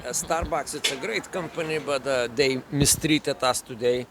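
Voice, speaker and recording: A man's voice: mid-range voice, normal speed, background noise. A man co-hosting a casual chat on a cafe terrace, joking and rambling. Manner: joking, rambling, switches into mock voices. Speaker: vlog co-host.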